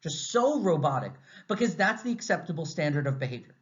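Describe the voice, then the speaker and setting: American male lecturer, slightly high pitch, lively and conversational, dull recording. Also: a little fast. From United States. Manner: animated, conversational, asks the class many rhetorical questions. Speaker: university lecturer. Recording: slightly dull, muffled audio.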